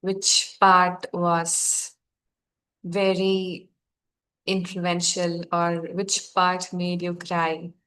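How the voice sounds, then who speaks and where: A woman facilitating a guided healing session, speaking softly, gently and encouragingly to her group. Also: lowish voice, monotone, extremely slow.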